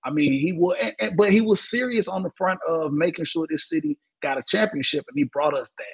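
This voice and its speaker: Husky laid-back man hosting sports talk. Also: high-pitched, sing-song, a little fast, rough recording. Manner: laid-back, says "man" at the end of many lines. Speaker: podcast host.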